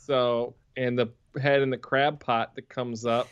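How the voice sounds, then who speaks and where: A man's voice: medium pitch, flat delivery, measured pace, clean tone, no room sound, highs cut off. A man co-hosting a podcast, chatting about a film in a laid-back way. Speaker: podcast co-host. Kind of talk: casual film discussion.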